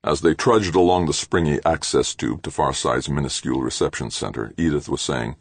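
A man reading a science-fiction audiobook in a steady, measured narration. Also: rumbling low, gravelly, breathy edge, no room sound. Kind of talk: scripted narration.

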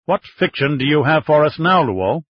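A man's voice: medium pitch, fairly quick, breathy edge, no room sound, lightly acted. An agitated minister cuts in with harsh accusations, as a man reading aloud voices him. His voice rises and pushes hard. The recording is dry and a bit dull. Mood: agitated accusing.

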